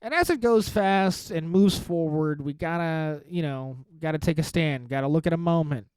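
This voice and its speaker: A stand-up comic in his thirties hosts his own podcast, delivering a casual solo monologue that rambles, mocks himself, and swears freely. His fairly high voice is smooth and a little mellow, at normal speed, in a dry recording.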